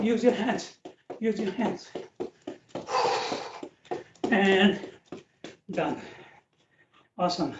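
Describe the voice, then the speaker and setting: A man with a high voice leads a live fitness class, counting out reps and urging people to keep going. The sound is distant and echoey, dull and muffled, with a faint hiss behind it. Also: lively intonation, very slow, pauses often. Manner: encouraging, counts out reps, frequent "okay" and "right". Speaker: fitness instructor. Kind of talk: live online workout class. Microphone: video call. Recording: dull, roomy, distant video-call audio with faint hiss.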